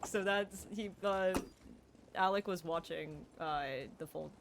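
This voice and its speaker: A streamer chatting casually during a game stream, excitable and chatty, laughing often. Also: mid-range voice, slow pace, gravelly, background noise.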